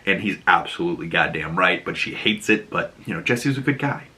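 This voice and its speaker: A man with a Boston accent chatting casually as he recaps a TV episode, telling the story with animated energy, acting out the characters' lines and cursing now and then. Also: sits low, a little fast.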